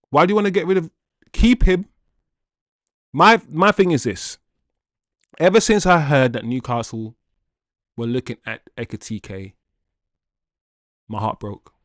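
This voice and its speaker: A man's voice: medium pitch, dry recording, clean studio sound. A man hosting a live fan stream, talking straight to his chat in an exasperated way and reading out viewer comments. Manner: reads viewer comments aloud. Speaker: livestream host.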